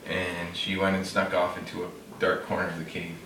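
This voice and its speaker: A deep-voiced man tells a fable loosely and briskly, his delivery completely flat and his tone fairly bright, full of fillers and self-corrections as he demonstrates a classroom storytelling trick. The recording is roomy, with a distant mic and faint noise.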